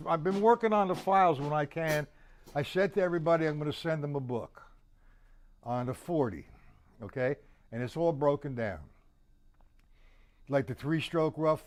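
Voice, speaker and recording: A man's voice: on the high side, a little mellow. A man teaching a casual drum lesson, chatting with viewers and counting beats aloud. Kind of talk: live-streamed drum lesson.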